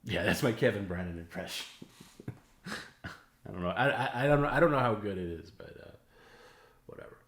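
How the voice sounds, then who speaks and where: Low-voiced rambling male host. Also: lively intonation, fairly quick, long pauses, a bit bright, reverberant. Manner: rambling, heavy with filler words and restarts. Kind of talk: casual late-night stream chat.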